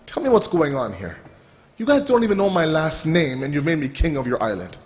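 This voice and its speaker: A man with a notably high-pitched voice tells a parable during a sermon. His delivery is animated and full of restarts. The sound rings with the long reverb of a large hall. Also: fairly quick. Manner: animated storytelling with repeated restarts. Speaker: religious speaker. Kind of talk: sermon storytelling.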